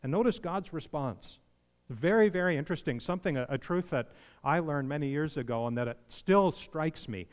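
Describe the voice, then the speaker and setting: The pastor's voice sits on the high side, clear and resonant, with lively intonation at normal speed. Preaching in a hall with long reverb, he moves from a conversational tone to emphatic pleading when voicing others, asking his listeners questions along the way.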